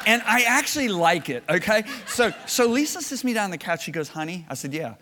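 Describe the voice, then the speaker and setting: A man preaching a sermon, telling stories and swinging from low, hushed lines to loud shouted bursts. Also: sing-song, fairly quick, in a large hall, a little hiss or hum.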